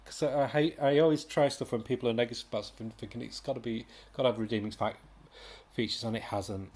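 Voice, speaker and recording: A man's voice: medium pitch, fairly even intonation, fast talker, a little mellow. A British man giving a casual, rambling comic book review, exasperated, with sighs and mocking impressions.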